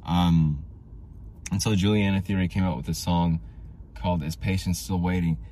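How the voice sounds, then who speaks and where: A man hosting his own podcast, telling rambling, tangent-filled stories in a casual way, with audible vocal fry. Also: low voice, fairly even intonation, normal speed, warm tone. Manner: rambling, tangent-prone storytelling. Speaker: podcast host.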